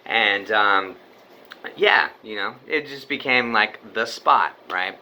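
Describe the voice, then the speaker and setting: A man's voice: on the low side, takes it slowly, pushed and bright, a little hiss or hum. A young man telling a story from his own life in a loose, rambling way, swearing often and filling his talk with "like" and "you know.". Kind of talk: casual spoken storytelling.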